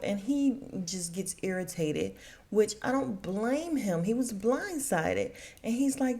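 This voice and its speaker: A woman hosts a podcast and talks through a TV episode in a loose, casual chat. She is blunt and opinionated and swears freely, with a pitch in the ordinary middle range for a woman. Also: expressive, takes it slowly, a little mellow. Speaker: podcast host. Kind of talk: casual TV recap.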